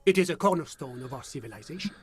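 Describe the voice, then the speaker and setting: A man voicing a polished, evasive male diplomat in a video game, speaking politely and smoothly while dodging questions. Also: fairly high pitch, animated, very fast, lightly acted. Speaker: foreign diplomat questioned by a detective.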